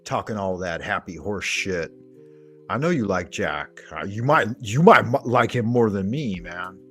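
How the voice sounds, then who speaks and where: Guy with a lowish voice swearing and joking around with his stream chat, faint music behind. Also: animated, a little slow, a bit bright, husky. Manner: crude, profane joking banter with viewers. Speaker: livestream host. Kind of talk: casual livestream chat.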